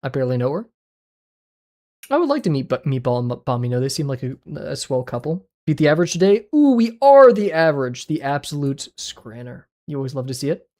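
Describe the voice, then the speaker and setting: A man's voice: a little high, very animated, a little fast, darkish tone. Chatty young streamer guy, yelpy reactions. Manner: chatty, reacting aloud with sudden yelps and mumbled asides. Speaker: art livestreamer. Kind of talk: casual livestream chat playing daily web games.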